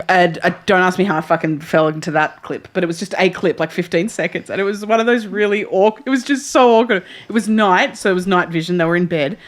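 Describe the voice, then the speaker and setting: A woman co-hosting a podcast, telling stories animatedly, swearing freely and laughing often. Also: mid-range voice. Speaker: podcast co-host. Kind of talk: casual chat.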